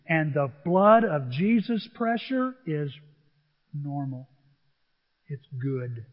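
High-voiced older man preaching in a hall. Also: slow pace, long pauses, lo-fi sound. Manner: animated storytelling, mimics voices. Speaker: pastor. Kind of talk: sermon.

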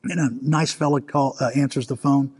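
A man preaching a storytelling sermon, animated and self-mocking, acting out the scenes he recounts. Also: mid-range voice, moderate pace, husky. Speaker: pastor. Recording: long hall reverb.

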